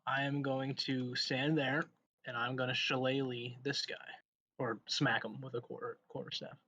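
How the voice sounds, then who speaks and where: Bright-voiced joking player, a man. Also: medium pitch, little pitch movement, lo-fi sound. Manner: jokey, laid-back, deliberate. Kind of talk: casual tabletop play.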